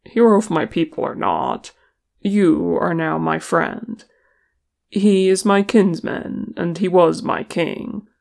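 A reader voicing a gruff, teasing male dwarf warrior who is tired and speaks bluntly, with a grumbling manner. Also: mid-range voice, a little mellow.

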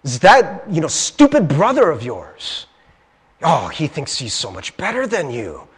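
Sneering inner voice of sin, as a preacher puts it on. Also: male voice, a little high, wildly swooping pitch, measured pace, slightly rough, pitched below the performer's own voice, exaggerated voice. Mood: resentful. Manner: mocking, spiteful muttering. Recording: long reverb of a hall.

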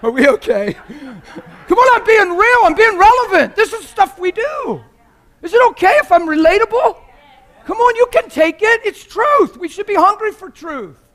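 A man preaching as a visiting preacher in a church, passionate and joking, often laughing mid-sermon, sometimes quiet and sometimes loud. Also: very high voice, very animated, normal speed.

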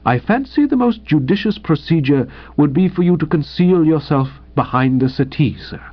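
Man voicing a soft-spoken, unruffled valet; muffled lo-fi audiobook sound. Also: on the high side, expressive, moderate pace. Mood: suave. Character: suave, imperturbable middle-aged male valet. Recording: dull lo-fi audio.

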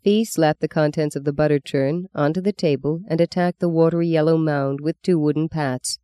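A smooth, mellow voice narrating a novel with expressive pacing. The recording is close and dry, with no room sound. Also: mid-range voice, brisk, no room sound. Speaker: audiobook narrator. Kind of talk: scripted literary narration.

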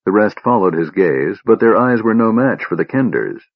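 A man narrating a fantasy audiobook with animated storytelling. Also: on the low side, moderate pace, no echo. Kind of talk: scripted narration. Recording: dull dry lo-fi recording.

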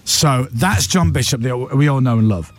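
A man hosting a morning radio show, chatting in a lively, animated way. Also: medium pitch, normal speed, no echo. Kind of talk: casual radio chat.

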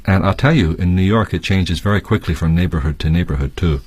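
Canadian-accented man, guest teacher, low voice, dry close sound, relaxed explanations. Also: quick pace, husky, no echo. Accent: Canadian English. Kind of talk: reading a textbook passage and chatting.

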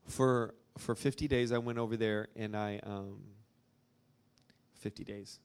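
A man's voice: on the low side, steady tone, unhurried, clean tone. A young man from Arkansas speaking informally to a live audience, rambling through a story with lots of fillers. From Arkansas, USA. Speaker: speaker at a church gathering.

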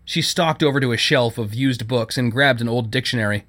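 A man narrating a story as an audiobook, with expressive storytelling. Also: medium pitch, normal speed, few pauses.

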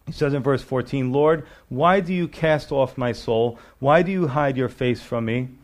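A man's voice: mid-range voice, normal speed. A middle-aged male pastor teaching a sermon verse by verse, reading scripture aloud and asking his listeners rhetorical questions in a conversational preaching manner.

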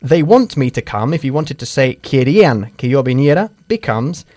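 Lively male English teacher. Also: mid-range voice, normal speed, no echo, studio quality. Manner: lively, corrective, drills pronunciation. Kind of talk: language lesson drills.

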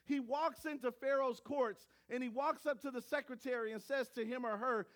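High-voiced male pastor preaching. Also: moderate pace, hardly any pauses. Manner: storytelling, animated, acts out voices. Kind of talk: sermon.

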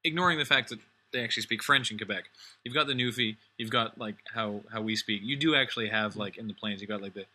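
A man's voice: fairly low pitch, fast talker, pushed and bright. A man co-hosting a casual podcast chat, joking around and slipping into comic accents. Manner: jokey, slips into comic accents. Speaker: podcast co-host.

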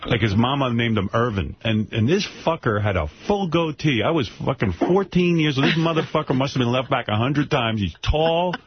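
A man's voice: mid-range voice, lively intonation, normal speed, few pauses, slightly rough. Brash storytelling male radio host. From New York area. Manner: crude, jokey storytelling. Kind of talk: brash uncensored radio banter. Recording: dull lo-fi radio broadcast.

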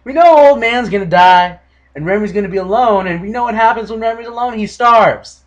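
A young man hosting a casual solo podcast, ranting with animated, exaggerated mock quotes. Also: high voice, a little fast, muffled recording. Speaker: podcast host.

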